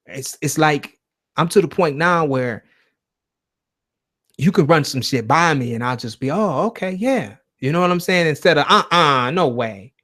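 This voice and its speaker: A man's voice: on the high side, normal speed, long pauses, a bit bright. A man hosting a casual livestream chat show, talking loosely and emphatically with plenty of swearing, speaking straight to his viewers and reading their chat. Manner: loose, profane, emphatic preaching tone. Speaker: host of a call-in show.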